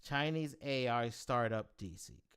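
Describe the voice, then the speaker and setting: Animated ranting male livestream host. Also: medium pitch, a little slow, smooth. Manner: animated, profane, heated rant with bursts of emphasis. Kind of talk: ranting live stream commentary.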